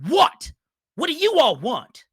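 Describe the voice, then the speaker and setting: A man voicing a furious young teenage vampire girl who screams in a shrill, threatening voice. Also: huge pitch swings, slow, no room sound, studio quality, full character voice. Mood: screaming.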